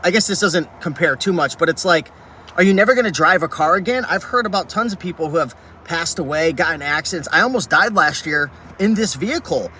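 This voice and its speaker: Guy venting in his car, high voice, bright and tense, says like a lot. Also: animated, brisk, a little hiss or hum. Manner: fired-up, passionate rant with many "like"s. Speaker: reselling YouTuber. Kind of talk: ranting vlog to camera. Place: inside a vehicle.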